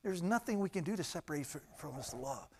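A male preacher delivering a sermon in an animated way, swinging from hushed, intimate lines to loud, emphatic ones. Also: on the high side, fast talker, slight background noise.

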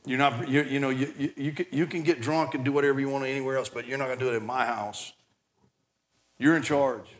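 A pastor preaches a sermon fast and animated, climbing toward near shouting at the high points. He often repeats and restarts his words.

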